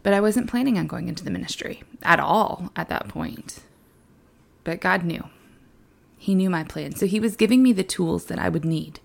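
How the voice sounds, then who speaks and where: Young woman doing a chatty devotional, lowish voice w some fry in it. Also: normal speed. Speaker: children's ministry worker. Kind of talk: devotional talk.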